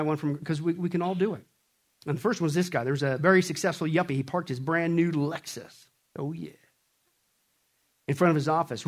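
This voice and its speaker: A man preaching a sermon with jokes, swinging from loud to hushed and acting out voices. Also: fairly high pitch. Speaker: pastor.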